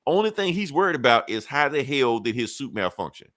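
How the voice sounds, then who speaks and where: Animated man recapping a comic. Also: medium pitch, fairly quick, no room sound, clean studio sound. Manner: animated storytelling, acting out characters' lines; profane, laid-back slang. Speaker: podcast co-host. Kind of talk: casual comic book recap.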